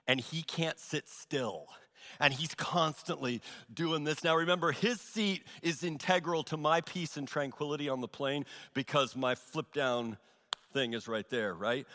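A male pastor preaching a sermon in a church, telling a story with animated, exaggerated asides. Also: a little high, big-room sound. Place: large church hall.

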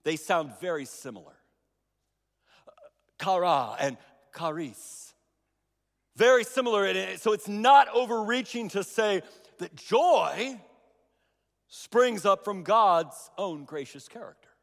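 Middle-aged pastor guy preaching, kinda high voice, lots of repeats and restarts, big echoey church sound. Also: animated, slow, creaky, pauses often, fairly bright tone. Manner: storytelling with restarts and emphatic repeats. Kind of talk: sermon. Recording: long reverb of a large hall.

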